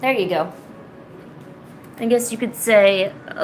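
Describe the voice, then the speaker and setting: A woman's voice: medium pitch, slow, pauses often, slight background noise, poor audio. A woman streaming casually while drawing, chatting playfully to her cats.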